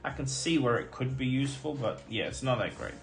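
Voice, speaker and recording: Chatty man, a bit hoarse, music behind. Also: mid-range voice, brisk. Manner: chatty, filler-heavy, excited about pulls. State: slightly hoarse. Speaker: streamer opening trading card packs. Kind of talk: casual live-stream chat.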